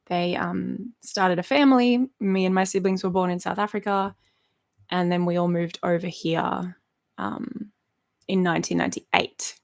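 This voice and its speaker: A woman's voice: on the low side, fairly even intonation, a little slow, creaky. A woman, chatting casually on a live stream and answering viewer questions, rambling and laughing often. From Australia. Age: 30s. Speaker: YouTuber hosting a live stream. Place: at home in her bedroom.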